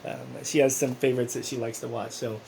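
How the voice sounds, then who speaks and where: Gravelly rambling man vlogging. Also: medium pitch, steady tone, fairly quick, darkish tone, a little hiss or hum, low-quality recording. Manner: rambling, with many restarts and fillers; earnest, encouraging. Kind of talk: casual personal vlog.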